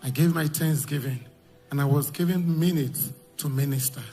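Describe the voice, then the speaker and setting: A man giving an emotional church testimony, telling his story and shouting at the high points. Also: normal speed.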